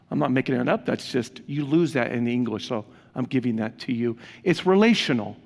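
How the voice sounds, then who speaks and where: A man's voice: mid-range voice, animated, brisk, creaky, darkish tone. A man preaching a sermon as a pastor, speaking earnestly and conversationally to his congregation. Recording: long reverb of a large hall.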